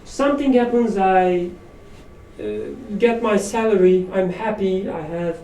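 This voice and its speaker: A mellow, high-pitched man leads a study circle at a measured pace, teaching from across a roomy space in an informal religious study talk. He is reflective and self-deprecating with light laughs, and the distant mic picks up roomy echo and faint room noise.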